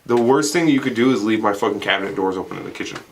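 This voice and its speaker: A man's voice: fairly low pitch, racing, a little hiss or hum. A young man co-hosting a podcast, telling rambling, profane stories in casual banter and laughing often. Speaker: podcast co-host.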